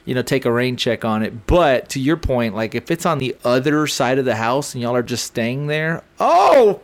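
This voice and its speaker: Animated middle-aged man telling a bawdy story. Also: mid-range voice, normal speed. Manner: animated, swears freely, acts out quotes. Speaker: podcast co-host. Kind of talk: casual storytelling chat.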